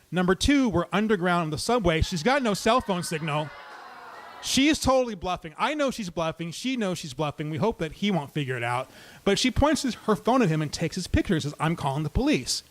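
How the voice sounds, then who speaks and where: High-voiced man telling a story live. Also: big pitch swings, moderate pace. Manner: conversational, with comic asides and timing.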